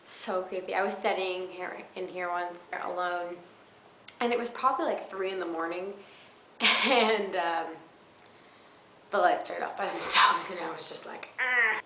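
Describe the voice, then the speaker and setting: A woman's voice: lowish voice, fairly even intonation, unhurried. Young woman, college vlogger, bubbly rambling chat, webcam mic, echoey dorm room, faint hiss. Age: young adult. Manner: bubbly and rambling, with giggles and fillers. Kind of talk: casual webcam vlog. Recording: roomy echo, faint background noise.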